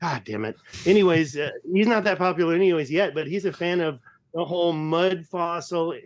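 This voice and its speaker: A man in his fifties with a slightly raised pitch, talking loosely as a podcast guest. He rambles and jokes at his own expense, restarting sentences as he goes. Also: a little fast. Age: 50s. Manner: joking, rambling, self-deprecating. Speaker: guest explorer and researcher. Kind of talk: casual podcast chat.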